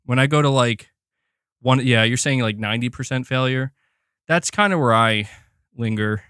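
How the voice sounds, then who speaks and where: A young man hosting a casual live stream, excitedly thanking members and chatting while doing curls. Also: mid-range voice, moderate pace, clean tone, no room sound, studio quality. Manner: excitable, reads out member gifts, chats while exercising. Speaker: livestream host.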